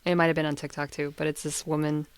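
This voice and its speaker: A woman with a deep, smooth voice co-hosts a podcast, talking fast in casual chat with no room sound. She's an animated storyteller who acts out the voices of the people she quotes.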